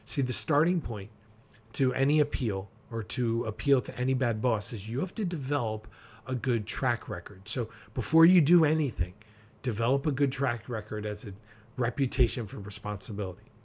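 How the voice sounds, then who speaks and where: A man preaching a practical podcast sermon, emphatic and direct, acting out quick quotes to make his points. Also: mid-range voice, darkish tone, slightly rough.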